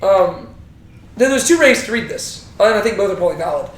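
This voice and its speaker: A young man with a fairly high voice leads a relaxed Bible study, chatty and animated, often checking in with his listeners. His voice rings in a roomy, echoing space. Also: fairly quick. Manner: lively, conversational, asks the group questions. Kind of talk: casual Bible study teaching. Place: echoey room with a small group. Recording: roomy echo.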